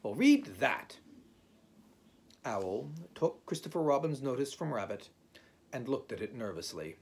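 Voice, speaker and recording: A man narrating a children's storybook aloud in an unhurried, expressive way. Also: medium pitch, gravelly, husky. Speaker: audiobook reader.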